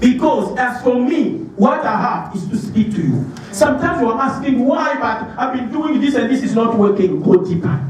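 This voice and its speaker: An animated male pastor preaching, with a high voice that leaps up and down as he leads his congregation. He laughs often and calls out for responses. The sound is a distant mic in a very echoey hall with faint hiss behind. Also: normal speed, hardly any pauses, crowd noise. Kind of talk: sermon. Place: church hall.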